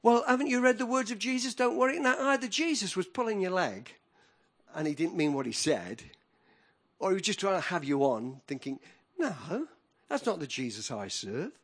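A middle-aged man preaching a sermon, with animated, emphatic delivery that rises in bursts. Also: high voice, normal speed.

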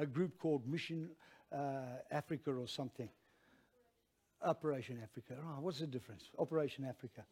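An Australian man preaching with a high-pitched voice. He tells the story with lively, self-mocking energy and turns to the congregation often. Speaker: pastor. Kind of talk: storytelling sermon.

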